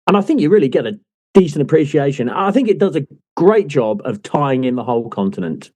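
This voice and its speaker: A male podcast host with a lively, swooping voice that is mellow and dark in tone. He opens the show and keeps up a teasing, jokey banter with his co-host. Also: fairly high pitch, fairly quick. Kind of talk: casual chat.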